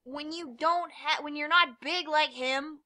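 A woman's voice: sits high, measured pace, bright, forceful tone. A young woman giving rambling, self-mocking let's-play commentary, swearing freely, with sudden yelps and muttered asides. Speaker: gamer.

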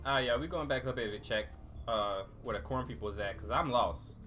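A man's voice: mid-range voice, a little fast, pushed and bright, soft background music. A man giving casual, joking gameplay commentary as a gaming YouTuber, talking straight to his viewers.

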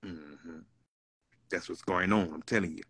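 A man's voice: sits low, fairly even intonation, unhurried, fairly bright tone, breathy edge, dry recording, studio quality. A man hosting a live stream, laid-back and prone to murmuring along. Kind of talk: casual live stream chat.

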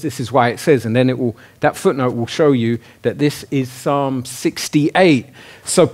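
A man preaching a sermon in a casual, conversational way, often asking his listeners questions. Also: medium pitch. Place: church hall.

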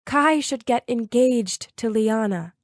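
A woman's voice: on the high side, slow pace, dry recording, studio quality. A woman voicing a scheming, determined mother who talks in an insistent, persuasive way. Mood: coaxing.

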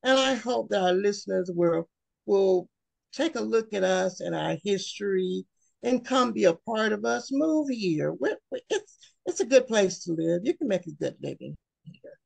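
Earnest woman speaker, gravelly voice, slow heartfelt delivery, dry recording. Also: medium pitch, animated, no echo. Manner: emotional, earnest, with long pauses. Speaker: webinar speaker. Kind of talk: heartfelt personal talk.

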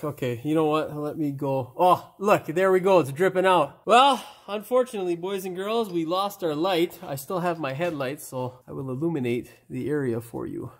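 A tired man hosting a casual DIY car repair tutorial, animated and theatrical, calling out to his viewers and swearing now and then. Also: high voice, moderate pace. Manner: animated and theatrical, keeps saying "boys and girls", swears casually. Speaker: auto repair channel host. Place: home driveway workspace.

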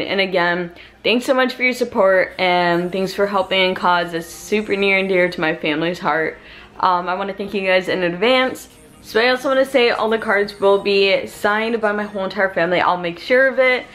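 A woman's voice: mid-range voice, fairly bright tone. A young woman vlogging from home, chatty and bubbly, talking straight to her viewers. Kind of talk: casual vlog chat.

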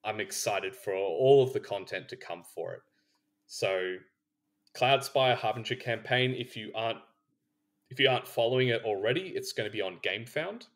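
A man co-hosting a board game podcast, talking casually, rambling with restarts and laughing between points. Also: fairly low pitch. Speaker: podcast co-host. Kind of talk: casual chat.

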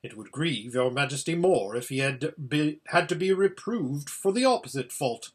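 A man's voice: fairly high pitch, expressive, moderate pace, breathy edge. A man voicing a courteous lord at court, speaking in a polite, formal, placating way. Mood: courteous pleading. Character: courteous male lord advising a king.

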